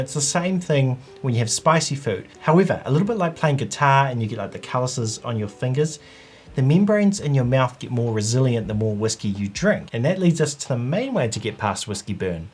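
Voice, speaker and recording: A man hosting his own channel, talking through an explainer in a chatty, conversational way. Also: medium pitch. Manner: chatty, conversational, with frequent "like" and "you know". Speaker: whisky channel host. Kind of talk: casual explainer vlog.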